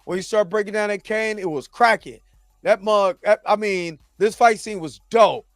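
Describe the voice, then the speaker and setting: High-voiced animated man recapping a show. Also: moderate pace, no echo, studio quality. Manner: animated, acts out characters' lines in his own voice. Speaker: show host. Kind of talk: casual TV recap commentary.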